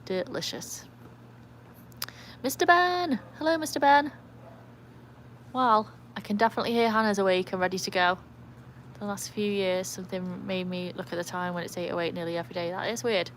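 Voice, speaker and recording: A woman's voice: fairly low pitch, level tone, quick pace, slight background noise. An English woman hosting a casual livestream, chatting in a rambling way and reading viewer comments aloud. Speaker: livestream host with a trick dog. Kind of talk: casual live-stream chat.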